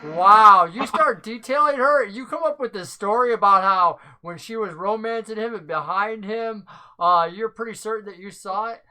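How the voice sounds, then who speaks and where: A woman's voice: mid-range voice, moderate pace, bright, forceful tone. A woman narrating a tabletop game as game master, chatty and loose with fillers. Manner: chatty, filler-heavy description.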